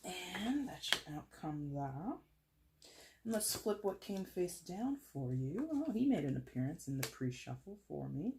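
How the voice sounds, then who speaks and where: A woman's voice: lowish voice, normal speed, vocal fry. Chatty woman giving a tarot reading. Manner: chatty, animated, laughs and plays with voices. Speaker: tarot reader. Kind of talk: casual tarot reading to camera.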